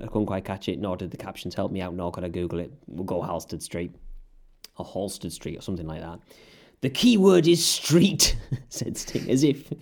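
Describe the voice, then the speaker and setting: A man's voice: mid-range voice, dark tone. A man recapping wrestling in casual podcast chat, sarcastic and often laughing. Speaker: podcast co-host.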